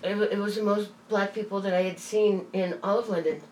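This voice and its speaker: A woman telling stories in casual chat, animated and quick to swear and laugh. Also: mid-range voice, recorded from a distance. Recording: roomy, off-mic, faint hiss.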